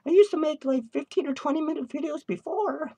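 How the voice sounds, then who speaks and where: A high, shrill, unhinged clown rambles through crude, swearing rants, giddy and tipsy in a home studio. The voice sits well above a typical speaking pitch and breaks into cackling laughs. It's a comedic character vlog, manic and drifting from thought to thought. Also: male voice, a little fast, mellow. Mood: manic ranting. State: tipsy and hyper.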